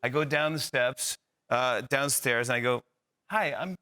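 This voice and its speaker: A man's voice: mid-range voice, moderate pace, clear, resonant tone, dry recording. A man guesting on a TV talk show, animatedly telling a funny anecdote and acting out the dialogue. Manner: animated storyteller, acts out dialogue. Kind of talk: comic anecdote. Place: TV studio.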